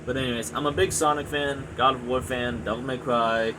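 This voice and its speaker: A man's voice: mid-range voice, fairly even intonation, brisk, background noise. A man in his twenties ranting angrily about gaming, swearing often and rambling with lots of fillers and restarts. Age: 20s. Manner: profane, frustrated, rambling with many fillers. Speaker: gaming video reviewer. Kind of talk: angry ranting monologue.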